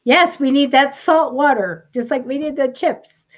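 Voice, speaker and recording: A woman's voice: sits high, unhurried. Chatty woman with a dull, muffled sound. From United States. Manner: chatty, rambling, laughs often. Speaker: psychic show co-host. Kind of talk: casual chat.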